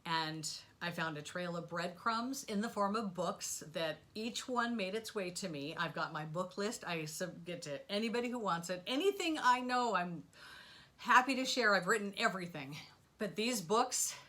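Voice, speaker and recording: A middle-aged woman telling a rambling personal story in a casual monologue, animated and full of asides and sound effects. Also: medium pitch, normal speed. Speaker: spiritual vlogger.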